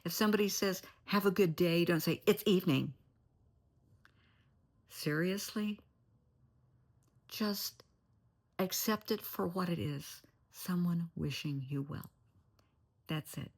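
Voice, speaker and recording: An older woman, a therapist, talking in a casual vlog from her lakeside home in a blunt, opinionated way, with a gravelly voice. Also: fairly low pitch, takes it slowly, pauses often. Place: lakeside home, indoors, early morning.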